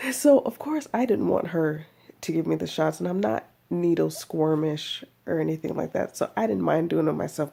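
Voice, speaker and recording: A woman's voice: on the low side, normal speed, creaky, dark tone, husky. A woman giving a chatty, rambling personal video update, laughing often as she talks. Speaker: vlogger.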